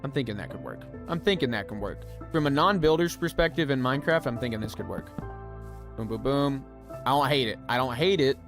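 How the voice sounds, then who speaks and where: Over background music, a man streams a building game, casually narrating his thoughts, ribbing himself, and chatting with his viewers. He speaks in an expressive mid-range voice at a fairly quick pace.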